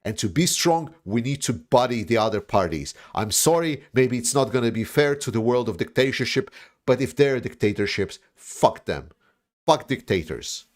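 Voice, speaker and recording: Fired-up guy from the former soviet bloc, live streaming, keeps repeating himself, swears a lot, mid-pitched voice. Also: animated, moderate pace. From Eastern Europe, post-Soviet. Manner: emphatic, repetitive, swears when angry. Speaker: livestream host. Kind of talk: impassioned political livestream monologue.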